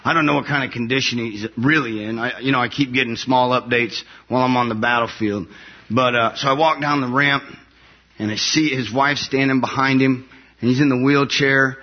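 Soldier telling his story to an audience: an animated, laughing man with a husky voice, recorded a little muffled. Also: mid-range voice, a little fast.

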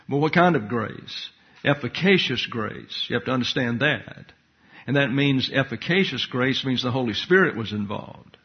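A man's voice: mid-range voice, expressive, normal speed, breathy edge. A man giving an expository Bible lesson, working through numbered points and explaining Greek grammar in a methodical way. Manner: methodical, enumerating points and parsing Greek words. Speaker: bible teacher. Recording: dull lo-fi recording.

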